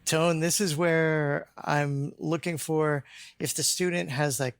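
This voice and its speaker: A man who coaches English pronunciation, explaining his methods step by step in a measured, conversational podcast interview. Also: fairly high pitch, steady tone, smooth, dry recording.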